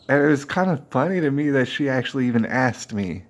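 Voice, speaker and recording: A man's voice: mid-range voice, lively intonation, fast talker, hardly any pauses. A man, the host, telling a personal story in a casual, slangy way and acting out the dialogue. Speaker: podcast host.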